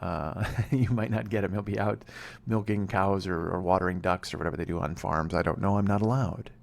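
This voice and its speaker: A man in his forties hosting a comedy podcast, telling a story in an excitable, profane way and laughing at himself. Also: low voice, brisk, gravelly. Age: 40s.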